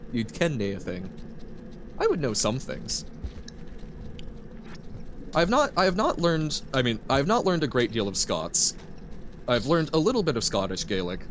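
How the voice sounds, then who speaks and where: Man, game streamer, animated pitch, giggly chatter, faint background noise. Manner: chatty, giggly, reads chat aloud. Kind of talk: casual gameplay commentary.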